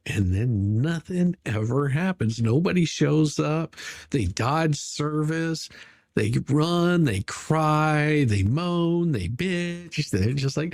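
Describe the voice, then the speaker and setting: A man with a gravelly, husky voice hosts a casual livestream. His pitch swings widely as he greets viewers one by one and rambles on, full of restarts and mockery. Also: animated, slow, darkish tone, dry recording, studio quality. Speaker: livestream host.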